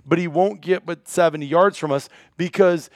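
A man excitedly telling a hunting story in casual chat, acting out quotes and swearing now and then. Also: on the high side, normal speed, no room sound. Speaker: hunting guide and cameraman.

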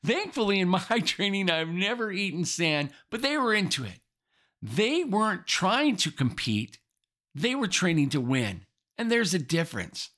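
A man's voice: sits high, big pitch swings, moderate pace, bright, forceful tone. A man preaching as a pastor, telling stories and emphatically repeating his key phrases. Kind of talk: sermon.

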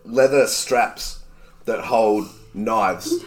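A man in casual chat at a tabletop game table, describing his character with excitement. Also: fairly low pitch, very slow, a crowd in the background. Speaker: player.

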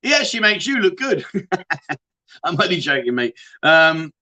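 Chatty, bright-voiced livestream host. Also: male voice, fairly high pitch, very animated, a little slow. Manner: chatty and jokey, banters with viewers. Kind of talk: casual livestream chat reading viewer comments.

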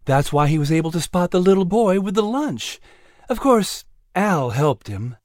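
A man's voice: sits high, animated, moderate pace, no room sound, studio quality, voice pushed up. A man voicing a reflective male guide recounting stories in a storybook reading. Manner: warm, reflective. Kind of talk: storybook narration.

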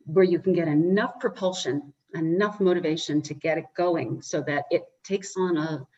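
A woman's voice: low-pitched, normal speed, darkish tone, slightly rough. A woman talking reflectively in a casual discussion, with loose, conversational phrasing. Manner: reflective, conversational, uses hedging fillers. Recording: slightly muffled lo-fi audio.

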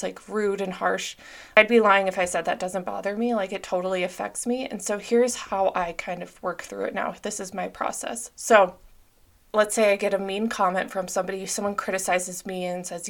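A woman's voice: medium pitch, fairly even intonation, normal speed, gravelly, a bit bright. Woman, young adult, podcast host, casual solo talk, candid, reflective, filler-heavy. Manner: open, reflective, frequent "like" fillers.

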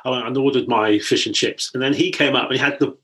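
A man's voice: mid-range voice, steady tone, fast talker, fairly bright tone. Chatty English man telling stories. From England. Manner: chatty storyteller, laughs easily. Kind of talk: casual conversation.

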